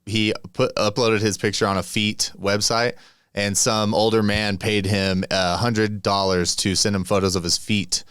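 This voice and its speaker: Smooth-voiced man chiming in. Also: lowish voice, little pitch movement, measured pace, a bit bright, dry recording, clean studio sound. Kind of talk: casual chat.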